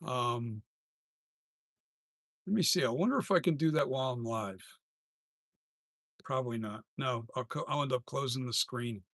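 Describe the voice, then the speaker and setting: A man's voice: medium pitch, moderate pace, pauses often, fairly bright tone, no room sound, clean studio sound. A man who makes masks, chatting casually on a live stream, rambling and often trailing off and restarting sentences. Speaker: mask maker and live streamer.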